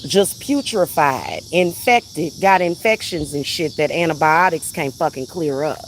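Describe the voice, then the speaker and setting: She speaks a little slowly in a low voice with lively intonation, and there's slight hiss or hum. Hosting a livestream as a spiritual reader, she reads chat comments out and shoots back in a heated, profane, confrontational rant.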